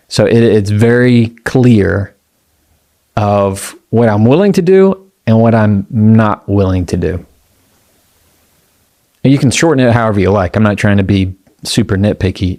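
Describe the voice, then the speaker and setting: A man giving a motivational talk on communication, speaking in a calm, measured way and repeating his key phrases. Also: lowish voice.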